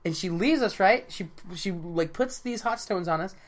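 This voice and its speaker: A woman's voice: mid-range voice, normal speed. Slangy young woman telling a story. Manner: animated, slangy, full of "dude" and "like". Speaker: podcast co-host. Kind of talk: casual storytelling chat.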